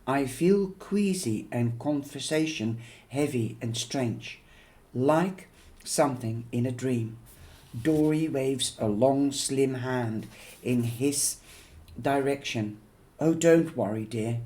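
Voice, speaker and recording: A man reading a novel aloud in a measured, unhurried way. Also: mid-range voice, darkish tone. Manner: slow, measured, with occasional fillers and restarts. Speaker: audiobook reader.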